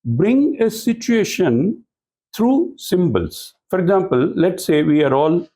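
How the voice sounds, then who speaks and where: Man, training lecture, rhetorical questions, mellow dark tone, slightly high voice. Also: big pitch swings, slow, husky, low-quality recording. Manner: explanatory, asks the audience rhetorical questions. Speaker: speaker at a corporate training talk. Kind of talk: lecture to business professionals.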